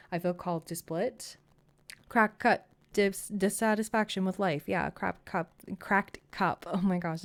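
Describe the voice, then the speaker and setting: An effusive woman reads tarot cards for her viewers in a relaxed, chatty way. Her voice sits a little lower than most women's. She keeps reassuring the listener and breaks into quick exclamations as she goes. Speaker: tarot reader. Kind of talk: casual tarot reading to camera.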